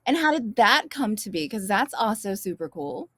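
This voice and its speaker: A woman's voice: medium pitch, big pitch swings, normal speed, a bit bright, dry recording. A woman interviewing a guest, asking questions in an enthusiastic, affirming way.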